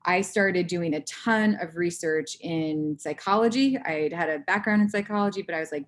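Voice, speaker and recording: A woman in her thirties giving a candid personal talk to an audience, acting out her own inner voice in lively bursts. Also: lowish voice, moderate pace. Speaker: conference speaker.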